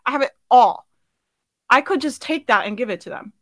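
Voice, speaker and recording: A woman's voice: sits high, animated, moderate pace, a bit bright, dry recording. A woman business coach giving a live sales training, blunt and swearing casually, asking her audience questions and laughing often.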